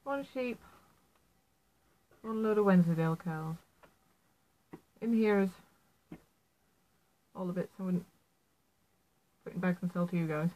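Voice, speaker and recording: Speaking in an unhurried, warm, lowish voice with long pauses, this felt artist from Yorkshire, England, teaches needle felting at home indoors. She has a Yorkshire accent and keeps things casual and chatty, poking fun at herself and making apologetic asides. The recording has poor audio.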